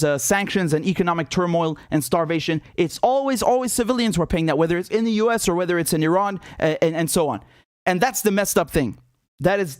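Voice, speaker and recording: A young man hosting a live political commentary stream, animated and scornful, laughing often and restarting his sentences. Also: high voice, no room sound, studio quality.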